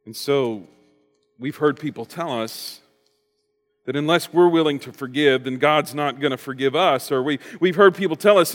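A man preaching a sermon as pastor, telling a story in a lively way and acting out the quotes. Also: a little high, moderate pace, long reverb tail, soft background music. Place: church sanctuary.

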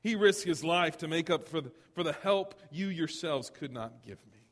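A man preaching a sermon as a pastor, conversational and animated, full of rhetorical questions and asides. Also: on the high side, normal speed, long reverb tail.

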